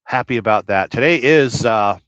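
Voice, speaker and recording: Lively intonation marks this middle-aged Southern California trucker's mid-range, fairly bright voice as he rambles crudely through viewer comments at a moderate pace on a casual live stream. Between comments he hums nonsense syllables. The slightly dull lo-fi audio has no room sound.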